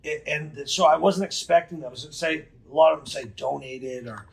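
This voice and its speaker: A man, telling a story as a podcast guest in a profane, emphatic, rapid way. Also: fairly high pitch, vocal fry, a little hiss or hum. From New England. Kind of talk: casual storytelling.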